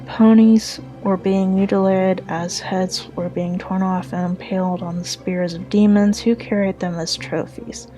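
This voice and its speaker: A woman narrating a dark first-person pony story in an earnest, slightly halting reading. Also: medium pitch, steady tone, soft background music, low-quality recording.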